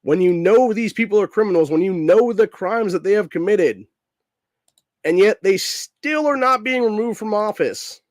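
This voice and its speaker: On a political podcast recorded in studio quality with no echo, a sick man whose voice is messed up rants angrily at a moderate pace. His voice sits high with lively intonation, and he swears nonstop, saying "dude" at the end of nearly every line.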